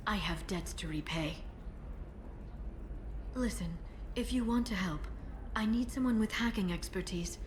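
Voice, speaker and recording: A woman's voice: mid-range voice, darkish tone, a little hiss or hum, lightly acted. An actress playing a composed, guarded alien woman who works as an information broker, in video game dialogue. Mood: earnest. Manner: guarded, earnest.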